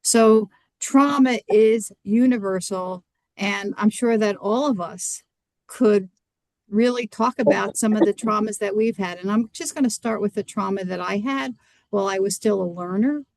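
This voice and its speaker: A woman's voice: medium pitch, moderate pace, a little mellow, no room sound. Earnest woman physician lecturing, dry sound. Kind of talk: presentation on a video call.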